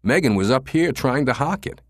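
Speaking in a mid-range voice pushed above his natural pitch, a man plays a brash young male punk, raising his voice to swear and jeer crudely and cockily. The pace is normal, the intonation lively, and the studio recording has no echo.

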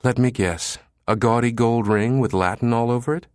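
A man's voice: medium pitch, steady tone, normal speed, darkish tone, clean tone, dry recording, studio quality, voice pushed up, lightly acted. A man voicing a witty, teasing woman in an audiobook, lifting his voice a little for her. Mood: playful. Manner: teasing, playful. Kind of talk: audiobook character reading.

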